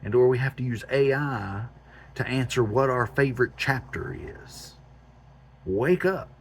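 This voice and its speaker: A man running a homestead channel rants to camera at medium pitch and a slightly slow pace, with a little hiss or hum audible. His tone is blunt and exasperated, and he keeps repeating phrases for emphasis.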